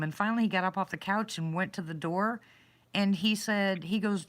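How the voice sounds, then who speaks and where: A woman's voice: fairly low pitch, moderate pace, a bit bright. A woman hosting a casual talk show, telling stories in a chatty, faith-filled way and laughing easily. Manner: chatty storyteller, laughs easily, religious, grateful. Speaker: host. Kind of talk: casual chat.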